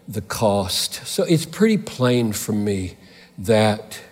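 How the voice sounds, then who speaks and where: A man preaching a sermon as a pastor, impassioned, swinging between loud emphatic peaks and quiet intensity. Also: fairly low pitch, very animated, slow pace, husky, long reverb tail.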